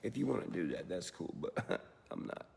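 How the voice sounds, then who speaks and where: Gravelly, laid-back man talking slang. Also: sits low, big pitch swings, normal speed, darkish tone, a little hiss or hum. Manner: laid-back, profane, talks to the viewer as "bro". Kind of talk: casual opinion clip.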